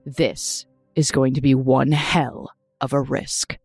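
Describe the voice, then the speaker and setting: A woman narrating a tabletop role-playing game as game master, in a slow, descriptive storytelling manner. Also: a bass voice, little pitch movement, darkish tone, husky, dry recording, soft background music.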